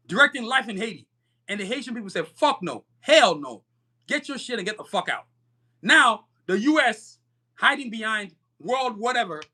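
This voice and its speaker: Fiery podcast host, male, high-pitched and sharp, swears freely while preaching to his viewers. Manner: fiery, profane, preachy, addresses viewers as y'all. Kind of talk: live-stream commentary.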